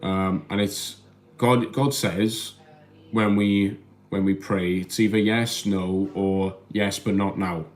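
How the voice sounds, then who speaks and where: A man's voice: deep voice, fairly even intonation, slow pace. Rambling man chatting into his phone. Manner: rambling, hesitant, repeats words. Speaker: livestream host reading chat. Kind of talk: casual live-stream chat.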